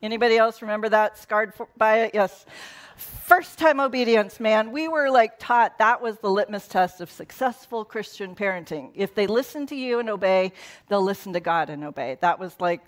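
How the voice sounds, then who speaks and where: A woman's voice: mid-range voice, normal speed. Middle-aged lady pastor, chatty sermon, keeps going off on little asides. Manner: conversational, laughing asides, quotes in put-on voices. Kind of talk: casual sermon.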